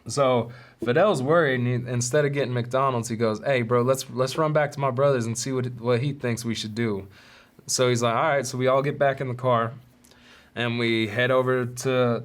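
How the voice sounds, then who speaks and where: A man hosting a podcast, telling a story in a casual, animated, profane way with street slang. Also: medium pitch. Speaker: podcast host.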